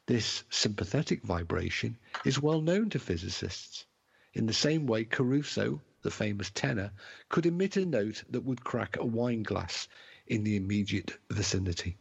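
A man's voice: lowish voice, gravelly, husky, dull audio. A man co-hosting a show, reading an old ghost account aloud in a theatrical style. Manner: theatrical reading in a put-on posh tone. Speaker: podcast co-host. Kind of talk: casual chat and reading aloud.

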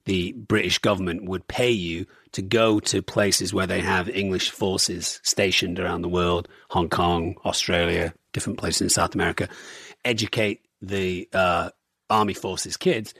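A man's voice: sits low, unhurried, breathy edge, no room sound, clean studio sound. A man in his forties, born in Germany to parents from Manchester, chatting playfully as a podcast guest and swearing freely. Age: 40s. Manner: playful, swearing, animated storytelling. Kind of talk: casual chat.

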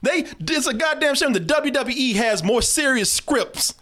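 A man reviewing a movie in casual chat, animated and profane, laughing often and addressing his listeners as "people". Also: very high-pitched, a little slow.

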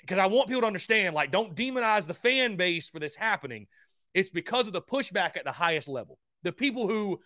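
A young man hosting a call-in sports talk show, high-energy and rambling, often stumbling over his words as he gets worked up. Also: animated, a little fast, sharp tone, no echo, studio quality. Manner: stammering restarts. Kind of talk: call-in sports radio chat.

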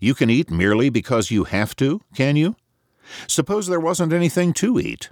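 A man's voice: mid-range voice, normal speed, darkish tone, no room sound, clean studio sound, pitched above the performer's own voice, close to an everyday voice. A man voicing a cynical, aggressive stockbroker who talks in a blunt, sneering way in an audiobook. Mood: mocking.

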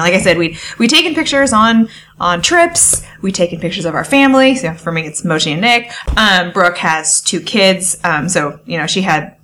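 A young woman guest on a podcast, chatting and telling her story in an animated way, acting out past conversations. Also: lowish voice. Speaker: podcast guest, wedding photographer. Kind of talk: casual interview chat.

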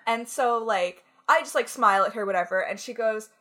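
Animated young woman telling a story. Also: fairly high pitch, brisk. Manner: animated storytelling, frequent "like", bursts of laughter. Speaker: podcast co-host. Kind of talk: casual chat.

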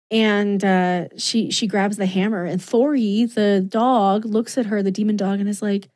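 A young woman co-hosting a podcast who retells a story with excitement and emotion and laughs often. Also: mid-range voice, moderate pace, hardly any pauses. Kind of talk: casual chat.

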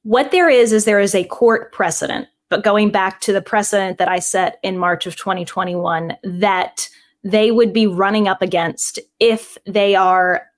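Female host in an interview; mid-pitched, quick affirming replies, steady answers. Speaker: show host. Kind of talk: conversational interview.

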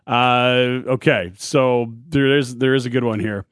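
A man co-hosting a sports radio show in a studio, reading listener texts aloud and adding quick jokes. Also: medium pitch, steady tone, no room sound. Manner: reads listener texts, quick joking asides. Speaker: radio co-host. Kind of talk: casual sports radio chat.

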